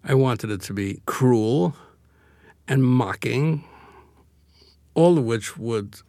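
A man's voice: medium pitch, expressive, takes it slowly, mellow, no echo. An older man from Brooklyn, a guest author talking in a reflective, wry way in a radio interview. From Brooklyn, USA. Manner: reflective, wry, laughs easily.

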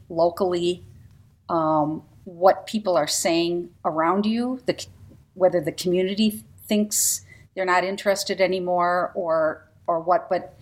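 A woman who plays in a string quartet and teaches, speaking as a radio interview guest in an emphatic, expressive way. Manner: emphatic, expressive, with lively pitch swings.

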